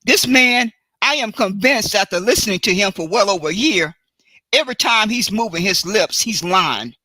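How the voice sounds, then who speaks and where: A woman hosting a solo live stream, talking in a deliberate, emphatic way and often stopping to correct and repeat herself. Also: medium pitch, expressive, bright, forceful tone, dry recording. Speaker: livestream host. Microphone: computer mic for a live stream.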